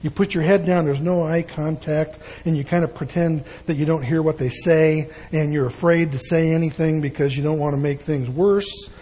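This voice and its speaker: Older man, preacher, folksy asides, breathy tone, somewhat high pitch. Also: fairly even intonation, moderate pace, few pauses, warm tone, poor audio. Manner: folksy, conversational, with many asides. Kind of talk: conversational sermon.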